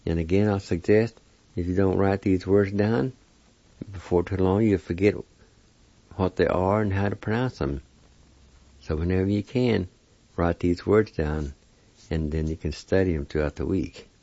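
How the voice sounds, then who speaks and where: A man giving a slow spelling and pronunciation lesson, spelling out letters and repeating syllables one by one. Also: sits low, warm tone, no echo. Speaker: language teacher. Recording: muffled lo-fi recording.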